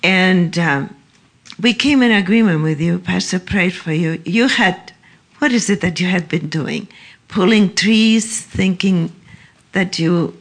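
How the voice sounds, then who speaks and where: A woman shares a casual testimony in church. She talks slowly and haltingly, with many fillers. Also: lowish voice. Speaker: church speaker.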